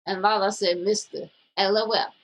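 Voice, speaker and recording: A woman's voice: mid-range voice, steady tone, normal speed, low-quality recording. Blunt woman reading chat comments. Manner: blunt, teasing, reads comments aloud. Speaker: co-host.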